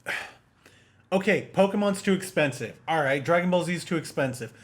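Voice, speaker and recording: A man co-hosting a casual film podcast, ranting in an animated, exasperated way and swearing often. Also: a little high, normal speed. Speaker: podcast co-host. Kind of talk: casual film-discussion chat.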